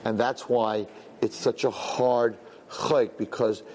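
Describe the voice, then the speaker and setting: A man gives a religious lesson in a chatty, storytelling manner, slipping into other people's voices as he recounts events. His voice sits at an ordinary middle pitch, with a faint hiss in the background. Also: slow. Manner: animated storytelling, conversational, acts out dialogue. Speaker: religious teacher. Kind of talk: Torah lesson with personal stories.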